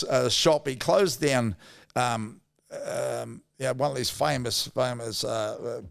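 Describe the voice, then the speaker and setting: Podcast guest: middle-aged Australian man, gravelly mid-range voice, casual rambling yarns. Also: mid-range voice, takes it slowly. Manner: blokey, rambling anecdotes with mild swearing. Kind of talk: casual storytelling.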